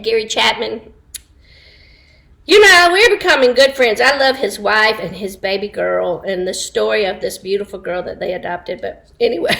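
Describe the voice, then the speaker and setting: A woman's voice: a little high, gravelly, fairly bright tone. A woman chatting casually to online viewers from home, laughing often and wandering into asides. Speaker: livestream host. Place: home, indoors.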